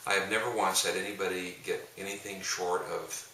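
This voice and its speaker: A man's voice: low-pitched, fairly even intonation, fairly quick, sharp tone. A middle-aged man, a pastor and coach, telling rambling, jokey stories in casual talk with frequent restarts. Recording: roomy echo, distant mic, faint hiss.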